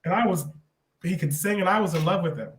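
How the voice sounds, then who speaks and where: A man as a podcast guest, telling a personal story in a rambling, animated way with many restarts. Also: high-pitched, fast talker. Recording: roomy echo.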